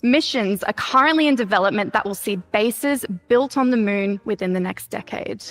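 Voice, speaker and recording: A woman giving a scripted public talk in a measured, earnest delivery. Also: mid-range voice, a bit bright, faint music behind. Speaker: speaker at a conference talk.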